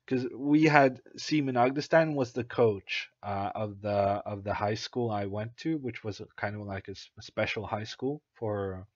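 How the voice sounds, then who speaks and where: Here a young man from Norway, whose mother tongue is Norwegian, casually talks through chess on a stream, hesitant and thinking aloud with frequent uhs and ums. He speaks on the low side, and the muffled recording has no room sound.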